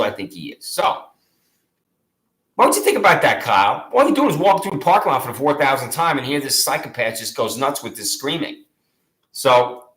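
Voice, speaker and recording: A man's voice: a little high, fairly bright tone. A man telling his own grievance in the second person, repeating himself emphatically and addressing himself by name. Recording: echoey room.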